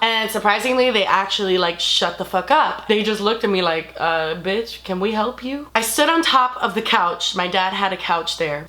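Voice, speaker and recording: A young woman telling a storytime vlog in a casual, animated way, swearing freely and playing up the drama. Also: mid-range voice. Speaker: vlogger.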